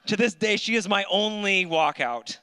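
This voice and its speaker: A man's voice: high voice, expressive, moderate pace, sharp tone, clear, resonant tone. A man in his thirties doing a stand-up set on a club stage, telling dry, self-mocking stories into a handheld mic. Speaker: stand-up comedian.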